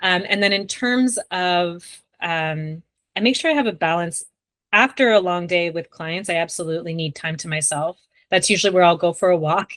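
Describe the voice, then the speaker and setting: A young woman talks casually as a podcast guest, her voice sitting a little low for a woman. She rambles warmly through fillers like "like" and "um". The sound is dry and close, with no room echo. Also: moderate pace. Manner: chatty, frequent "like" and "um". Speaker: sex therapist, podcast guest.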